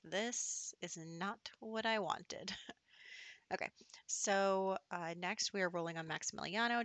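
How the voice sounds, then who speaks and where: A woman's voice: on the low side, fairly bright tone, no room sound. A woman giving casual, chatty commentary over her gameplay, giggling often and slipping into whispered asides.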